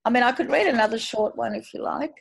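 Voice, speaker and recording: An Australian woman author reading her own short story aloud in an unhurried, broad colloquial style. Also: on the high side, creaky, slightly rough.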